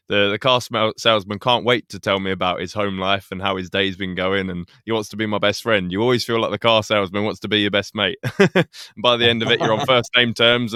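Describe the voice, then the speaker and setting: Jokey man, bright and dry. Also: fairly low pitch, smooth, no echo. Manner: jokey, chatty. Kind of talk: casual interview chat.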